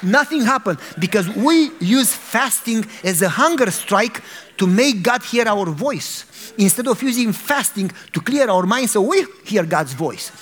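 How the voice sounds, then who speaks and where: A middle-aged man from Romania, a pastor, telling a humorous personal story in a sermon, animated and laughing as he acts out his frustration. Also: sits high, a little slow.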